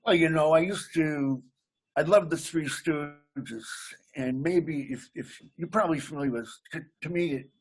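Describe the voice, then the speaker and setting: A comedian from Massachusetts, appearing as an interview guest, chats loosely and laughs at his own jokes. His voice is on the high side, husky, and a little slow.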